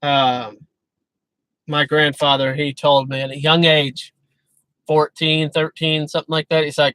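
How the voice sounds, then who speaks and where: A man's voice: on the high side, little pitch movement, unhurried, a bit bright, clear, resonant tone, dry recording, low-quality recording. A man hosting a live stream, talking casually but emphatically about faith, often breaking off and restarting. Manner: emphatic, earnest, self-interrupting. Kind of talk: casual preaching chat.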